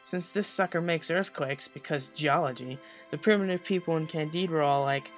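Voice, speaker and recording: A man's voice: fairly high pitch, normal speed, few pauses, faint music behind. A teenage boy narrating a school presentation as a comedic voice-over, full of sarcastic, mocking asides. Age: teens. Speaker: student presenter.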